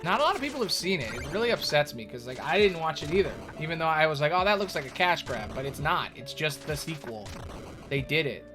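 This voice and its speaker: Man, higher voice, casual streamer chat, rambling, loud game music behind. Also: expressive, quick pace. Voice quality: rambling, talks to chat with many restarts. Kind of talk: casual live-stream chat while gaming. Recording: game music playing loudly underneath. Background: video game music.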